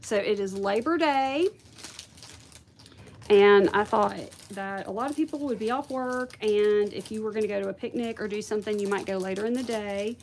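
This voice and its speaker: A woman's voice: medium pitch, moderate pace, a little mellow, slight background noise. Chatty woman hosting a craft stream. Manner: chatty, thanks viewers, thinks aloud. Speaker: craft video host. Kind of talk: casual livestream chat with viewers.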